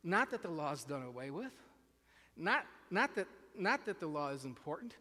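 A man's voice: a little high, big pitch swings, normal speed, sharp tone. A man preaching a sermon in an earnest way, often repeating words and asking his listeners questions. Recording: reverberant hall.

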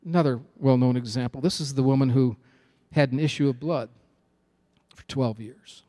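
A man's voice: medium pitch, normal speed, warm tone. A man preaching a sermon with an emphatic, repetitive cadence.

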